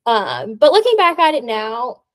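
Young woman podcast host, slightly high voice, chatty and rambling with lots of "like.". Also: very animated, a little slow. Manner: chatty storytelling, many "like" fillers. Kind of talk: casual chat.

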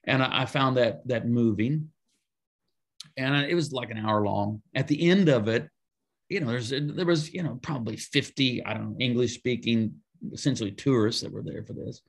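A man, a pastor and author, telling a story in a conversational interview, with lively emphatic asides. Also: medium pitch, moderate pace, creaky, slightly rough.

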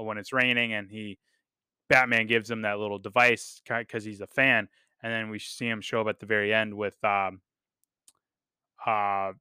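A man's voice: mid-range voice, sharp tone, smooth, no room sound, clean studio sound. A man hosting a podcast, talking casually and enthusiastically, swearing freely with lots of ums and repeated words. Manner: enthusiastic, profane, with frequent fillers and repeats. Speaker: podcast host reviewing a TV series. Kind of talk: casual unscripted review talk.

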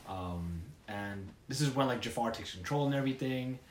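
A man in his thirties chatting casually, telling stories in a lively, laughing way. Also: mid-range voice, moderate pace. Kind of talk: casual chat. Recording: echoey room with faint noise.

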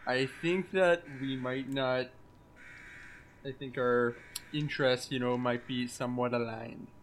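A man in a tabletop game, speaking in character in a measured, diplomatic way. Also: mid-range voice, fairly even intonation, a little hiss or hum. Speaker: player. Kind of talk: in-character negotiation.

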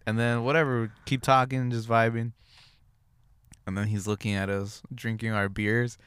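A young man rambles through a story on a podcast, relaxed and filler-heavy. His voice is smooth and clear, recorded close and dry, at an ordinary middle pitch. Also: moderate pace, no echo. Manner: laid-back storytelling with many fillers. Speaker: podcast co-host. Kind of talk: casual chat.

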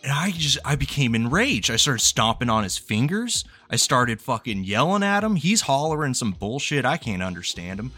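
A man co-hosting a podcast, telling a long joke in a lively, casual way with free swearing. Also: medium pitch, normal speed, hardly any pauses, no echo. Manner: animated storytelling, swearing freely. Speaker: podcast co-host.

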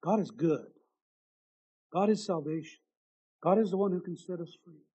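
Impassioned preacher, high-voiced man. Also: normal speed, breathy edge, low-quality recording. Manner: impassioned, swinging between loud and hushed. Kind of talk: sermon reading a testimony.

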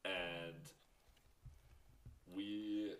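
A man's voice: deep voice, drawn-out words, echoey room. A man telling a funny story in casual chat, laughing as he goes. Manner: laughing storyteller, animated retelling.

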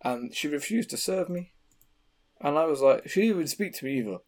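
A man's voice: a little high, a little fast. A young English man on a casual podcast, telling rambling stories full of swearing. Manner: swears freely, rambling animated storytelling. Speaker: podcast co-host. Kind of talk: casual chat.

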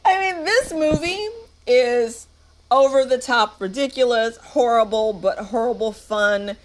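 A woman's voice: a little high, a little slow. A woman giving a casual, sarcastic and playful recap of a movie. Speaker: movie reviewer.

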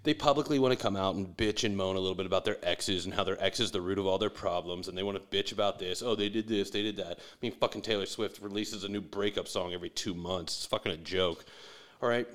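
A man's voice: sits low, quick pace, fairly bright tone. A man delivering a profane, sarcastic sports rant with mocking asides.

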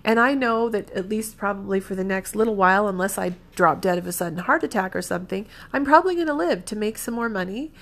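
A woman's voice: medium pitch, quick pace, hardly any pauses. A woman in her fifties telling a personal story in an earnest, emotional, rambling way, often correcting herself mid-sentence. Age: 50s. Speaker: vlogger.

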